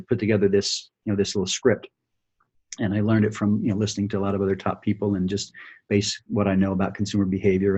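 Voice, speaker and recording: A man with a low, slightly husky voice leads a sales training session over a video call. He coaches in a loose, conversational way, full of fillers, and keeps checking in with the listener. The sound comes through a plain computer mic. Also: darkish tone. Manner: coaching, repeats "right?" and "okay?", thinks aloud with fillers. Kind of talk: screen-share sales training.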